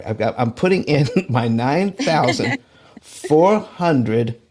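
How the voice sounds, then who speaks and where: A man hosting a live finance show, talking excitedly to his audience, reading out chat comments and repeating himself as he works through loan numbers. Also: mid-range voice. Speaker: host.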